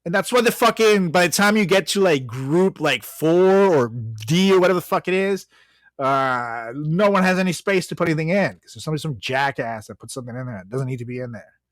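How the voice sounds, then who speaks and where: Lively, swearing young man ranting. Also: a little high, a little fast, no room sound, studio quality. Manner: profane, ranting, laughs often. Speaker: podcast co-host. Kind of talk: casual chat.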